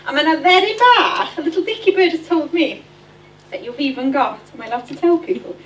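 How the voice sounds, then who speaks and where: A woman's voice: sits high, very animated, fairly quick. A woman hosting a conference, teasing and giggly as she moves between languages. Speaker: conference host. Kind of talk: bilingual hosting banter. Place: conference hall. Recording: echoey hall from far off with crowd.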